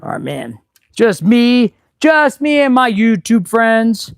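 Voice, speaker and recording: A middle-aged man, an auto mechanic hosting a casual live stream from his garage, chatting and rambling excitably as he works. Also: very high voice, takes it slowly, vocal fry, dry recording. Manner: chatty, excitable and rambling, with sudden loud outbursts. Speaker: auto mechanic and channel host. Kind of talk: casual live-stream chat while working.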